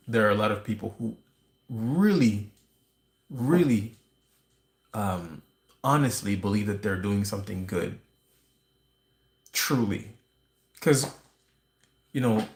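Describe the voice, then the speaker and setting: A man rambles through a conspiratorial livestream monologue, full of restarts and wry asides. His voice sits low with a gravelly fry. The sound carries a roomy echo. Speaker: livestream host. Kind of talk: casual ranting monologue.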